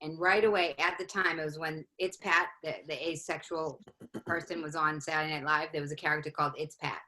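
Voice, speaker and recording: A woman from the Boston area tells a comic story, fast and full of energy, her voice bright and forceful. She acts out the people in her story. Her pitch sits a little low for a woman. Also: fairly even intonation, slight background noise, rough recording. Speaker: comedian guest. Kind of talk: storytelling in casual chat.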